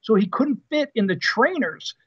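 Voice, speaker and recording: On dull, lo-fi podcast audio, a retired Marine officer in his fifties speaks at a normal speed in a slightly rough voice that sits high for a man. As a guest in a casual interview, he's a lively storyteller who laughs and uses fillers a lot.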